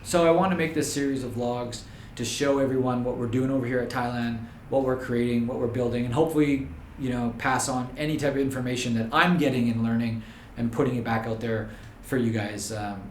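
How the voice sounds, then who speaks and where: A man's voice: medium pitch, steady tone, a little fast, a little hiss or hum. Man, casual vlog to camera, easygoing and rambling, roomy echo, faint ambience behind. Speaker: vlogger and videographer business owner.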